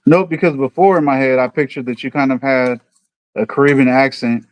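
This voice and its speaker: A man with a New York accent chatting with viewers on a livestream in an easygoing way, drifting from one thought to the next. His pitch sits in a middle range. The room sounds dry and close, with no echo. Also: fast. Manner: rambling, easygoing, thinks aloud. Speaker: livestream host. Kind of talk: casual livestream chat with viewers.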